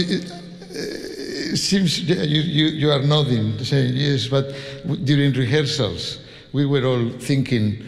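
A man's voice: medium pitch, creaky, a little hiss or hum. A man from Spain with a Spanish accent, a conductor chatting informally to a concert audience, laughing and restarting his sentences. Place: large concert hall. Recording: long hall reverb from a stage.

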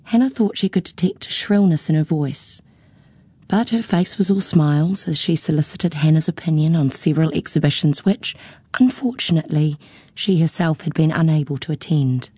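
A woman reading a novel aloud in a measured storytelling voice. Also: deep voice, mellow, breathy edge, no room sound. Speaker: audiobook narrator. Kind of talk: scripted narration.

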